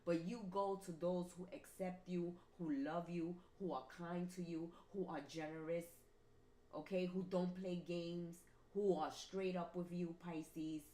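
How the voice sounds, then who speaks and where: A tarot reader speaks to her viewers in a dark, lowish voice that has little pitch movement, at a slightly slow pace. She is emphatic and repetitive like a preacher. The recording is roomy, with faint noise in the background.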